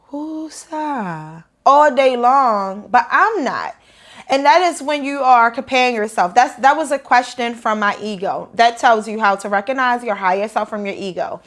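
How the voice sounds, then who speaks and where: A woman meditation teacher talking casually to camera in a vlog, energetic and fired up about life. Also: sits high. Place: indoors after the gym.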